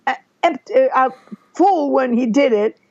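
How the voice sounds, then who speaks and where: A woman's voice: high-pitched, animated, unhurried, darkish tone, lo-fi sound. A woman co-hosting a podcast, recapping episodes in a musing, rambling way. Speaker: podcast co-host. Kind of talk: casual chat.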